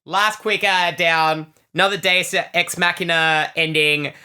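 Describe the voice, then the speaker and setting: A woman co-hosting a podcast in casual comic chat, animated and full of quick jokes. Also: fairly low pitch, clear, resonant tone. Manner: animated, joking, quick asides. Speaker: podcast co-host.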